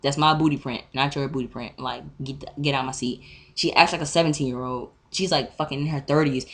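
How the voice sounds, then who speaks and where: A teenage girl telling an animated, profane story straight to a webcam, acting out both sides of an argument. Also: a bass voice, a little fast. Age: teens. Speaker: vlogger. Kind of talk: casual storytime rant.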